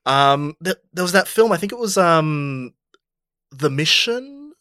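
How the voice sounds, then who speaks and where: Halting Australian man, dry close sound. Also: a little high, big pitch swings, sharp tone, no echo. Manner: hesitant, halting storyteller. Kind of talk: casual podcast chat.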